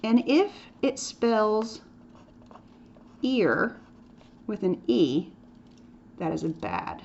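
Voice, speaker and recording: Her voice is medium in pitch but gravelly and darkish, very animated, with words drawn out. As an art teacher, she runs a drawing lesson in a chatty, playful manner and drops to a whisper for asides during demonstrations. Faint noise sits under the dull, lo-fi sound.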